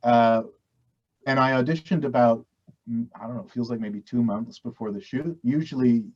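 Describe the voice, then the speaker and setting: A man's voice: mid-range voice, moderate pace, a little mellow. Rambling Canadian man, dull lo-fi audio. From West Coast Canada. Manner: rambling, self-deprecating, frequent restarts. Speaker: actor guest. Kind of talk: casual interview chat.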